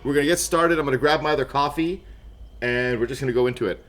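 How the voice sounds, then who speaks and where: Over soft background music and clacking keys, a coffee-fueled streamer chats loosely with his audience, laughing often and calling out viewers by name. His mid-range voice is a bit bright and the pace is quick.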